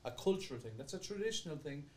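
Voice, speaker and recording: A man with an Irish accent, explaining things in a casual podcast chat, talking quickly and swearing freely. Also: on the high side, expressive, darkish tone. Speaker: podcast guest.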